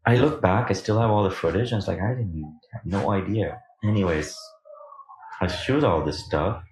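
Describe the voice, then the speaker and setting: Guest: low-voiced man, candid and lively storyteller, roomy echo around him. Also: normal speed, a little hiss or hum. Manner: animated, acts out quoted lines, laughs between points. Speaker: podcast guest.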